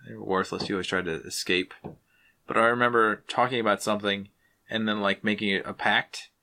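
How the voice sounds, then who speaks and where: Man, 30s, co-host, bright forceful voice, rambly filler-heavy chat. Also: lowish voice, fairly even intonation, fairly quick, creaky. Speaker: podcast co-host. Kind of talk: casual chat.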